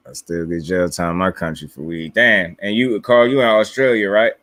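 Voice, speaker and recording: Reading viewer comments with a chuckle, a slangy, easygoing New Jersey man hosts a casual boxing live stream. His low-pitched voice is fairly bright and steady in tone, at a moderate pace. No room sound is audible.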